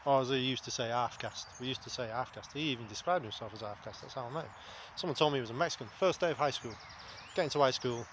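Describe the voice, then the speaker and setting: A man's voice: medium pitch, fast, hardly any pauses, a bit bright, slight background noise. A man, talking to camera in a blunt, rambling, sweary monologue. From England. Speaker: vlogger. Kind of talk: casual spoken monologue.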